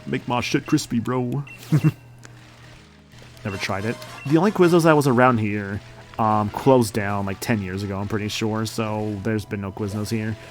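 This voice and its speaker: A man in his late twenties streaming a game and chatting casually, rambling and laid-back, swearing a lot. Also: on the low side. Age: late 20s.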